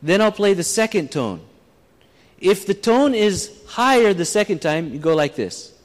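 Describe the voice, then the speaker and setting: Guy preaching to a church crowd, chatty and plain, high voice, long hall echo. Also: very animated, a little slow. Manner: conversational, plain-spoken, with restarts. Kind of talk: sermon with audience exercise.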